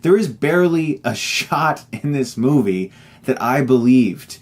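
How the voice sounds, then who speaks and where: A man's voice: mid-range voice, expressive, unhurried. Emphatic man reviewing a film. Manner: emphatic, exasperated. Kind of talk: online movie review.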